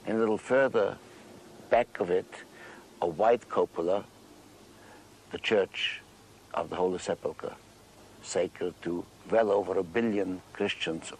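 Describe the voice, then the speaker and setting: Man, mayor, measured, explanatory, pausing, lowish voice, faint background noise. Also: gravelly, poor audio. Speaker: city mayor. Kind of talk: explaining history to a guest.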